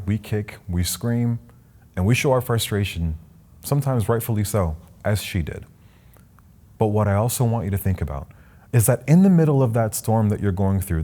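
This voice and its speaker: A man's voice: lowish voice, warm tone. A young man from Canada, a spoken word poet, giving a motivational address and reciting poetry with rhythmic sweeping rises and falls.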